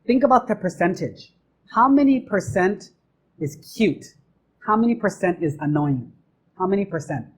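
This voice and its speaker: A man's voice: sits high, expressive, moderate pace, husky, poor audio. A man, a monk, giving a question-and-answer dharma talk in a temple, playful and acting out little everyday scenes. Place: temple hall.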